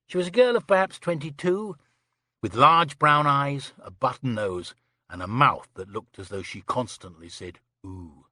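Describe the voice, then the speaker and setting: This is a male audiobook narrator with a husky, mid-range voice, delivering scripted narration in an animated way at a moderate pace. The recording is dry, with clean studio sound.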